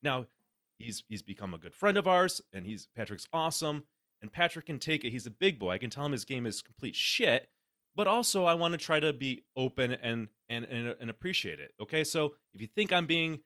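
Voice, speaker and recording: This podcast host, medium-pitched and speaking a bit fast, launches into sarcastic, lively rants laced with swearing. The sound is clean studio quality without echo.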